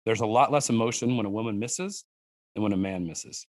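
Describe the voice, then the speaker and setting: A man chatting as a podcast guest, telling animated stories with restarts and fillers and acting out his children's lines. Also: a little fast, no echo. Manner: animated storyteller who acts out his daughters' lines in a higher voice. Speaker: guest, wild game cook and hunter. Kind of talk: casual podcast conversation.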